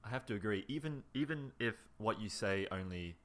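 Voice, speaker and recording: A man's voice: fairly low pitch, lively intonation, a little fast, a bit bright. A man chatting casually as co-host, agreeable and easygoing. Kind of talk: casual conversation.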